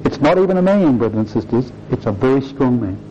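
A man's voice: medium pitch, lively intonation, fast talker, warm tone, slight background noise. A man preaching a sermon to his congregation, earnest and emphatic, often addressing them as brothers and sisters. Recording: dull lo-fi recording.

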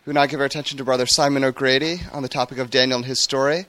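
A man announcing the date and introducing the speaker in a measured, formal way. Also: medium pitch, steady tone, sharp tone.

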